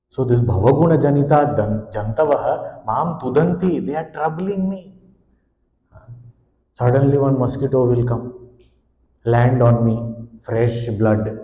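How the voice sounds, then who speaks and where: Man giving an expressive devotional talk in an echoey hall. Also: mid-range voice, unhurried, pauses often. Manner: expressive storytelling, speaking as a helpless infant. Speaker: swami giving a spiritual discourse. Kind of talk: devotional discourse explaining a hymn.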